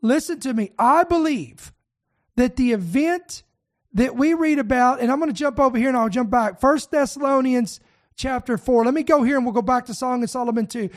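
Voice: high-pitched, moderate pace. A preacher delivering a sermon, reading scripture aloud and exhorting the listeners directly with fervent urgency.

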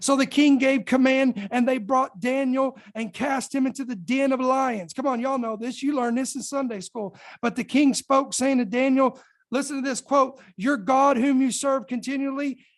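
A woman's voice: sits high, fairly even intonation, normal speed. A woman preacher delivering a fervent sermon, calling out to her congregation for responses.

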